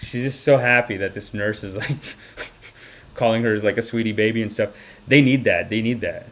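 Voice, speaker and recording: A man's voice: lowish voice, normal speed, slight background noise. A young man hosting a comedy podcast, telling stories animatedly and slipping into voices. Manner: animated, acts out people with voices. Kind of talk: comedic storytelling monologue.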